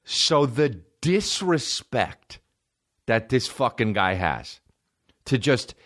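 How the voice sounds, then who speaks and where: A man in his thirties, a podcast host and comedian, telling a comic story in an excitable, profane way. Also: mid-range voice, slow.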